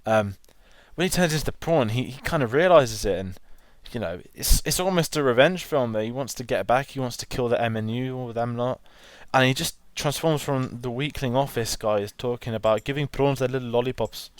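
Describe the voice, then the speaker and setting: A man's voice: medium pitch, a little fast, few pauses, slight background noise. A man co-hosting a film podcast, chatting enthusiastically and rambling with restarts. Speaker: podcast co-host. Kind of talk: casual film chat.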